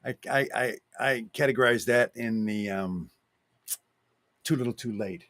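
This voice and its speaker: Slow-talking guy with a bright voice, dead dry room, chill chat. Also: mid-range voice, no room sound. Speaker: podcast co-host. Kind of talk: casual chat.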